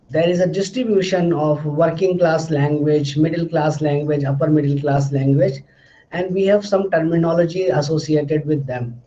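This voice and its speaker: A man's voice: a little high, warm tone, lo-fi sound. A man giving a recorded lecture, explaining patiently and often restating his phrases.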